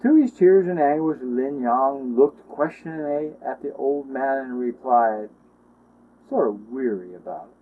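A man's voice: mid-range voice, measured pace. A man telling a story aloud, dramatic and emotive, often starting lines with oh or well. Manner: emotive, with many ohs and wells. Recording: tinny phone-line sound.

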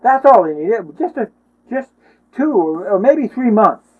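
Over a tinny, phone-line-like recording, a man with a high, sing-song voice tells a story at a measured pace. He's dramatic and emotive, often starting lines with "oh" or "well."

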